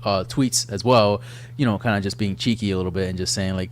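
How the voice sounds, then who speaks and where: A man in his thirties with a very low voice co-hosts a gaming podcast. He talks in a relaxed, rambling way, full of fillers. A faint hum sits under the recording. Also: brisk. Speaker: podcast co-host. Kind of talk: casual chat.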